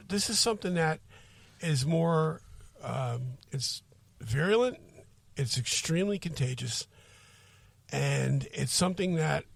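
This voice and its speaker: A man's voice: fairly high pitch, creaky, slightly rough, dry recording. A man co-hosting a casual podcast, rambling through his opinion with many restarts. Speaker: podcast co-host.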